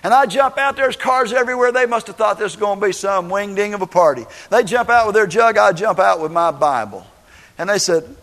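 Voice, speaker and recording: A middle-aged man preaching a sermon, telling personal stories in an animated way and acting out the quotes. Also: high-pitched, a little fast. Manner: animated storytelling, acts out quotes. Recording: long hall reverb.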